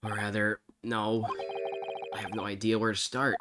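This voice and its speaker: A woman's voice: rumbling low, flat delivery, moderate pace, very noisy. A woman streamer giving casual, sarcastic, self-mocking gameplay commentary with some swearing. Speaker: streamer playing a game.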